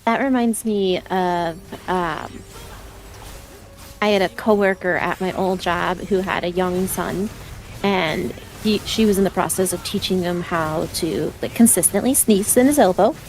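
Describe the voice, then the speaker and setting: A woman's voice: fairly low pitch, a little slow, a little mellow. A young adult woman streaming a game, chatting casually and laughing often through rambling anecdotes into a desk mic. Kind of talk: casual chat while gaming. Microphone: desk microphone.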